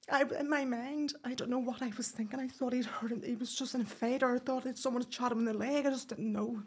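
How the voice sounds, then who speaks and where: Husky woman recounting. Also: fairly high pitch, a little mellow. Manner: halting, with restarts and quoted speech. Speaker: guest. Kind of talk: emotional personal account.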